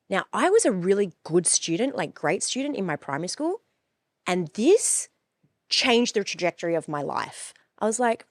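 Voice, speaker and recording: A woman's voice: mid-range voice, sing-song, moderate pace, no room sound. A woman in her forties, telling her own story in a frank, emphatic way that is full of swearing. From Australia. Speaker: coach and podcast host. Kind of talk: personal storytelling.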